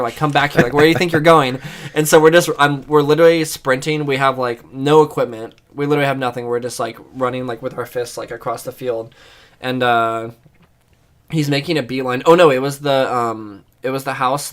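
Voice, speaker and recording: A man's voice: mid-range voice, fairly bright tone. A male podcast co-host with a mid-range voice telling a long story about a game match. He rambles, swears freely and leans on fillers as he goes. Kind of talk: casual chat.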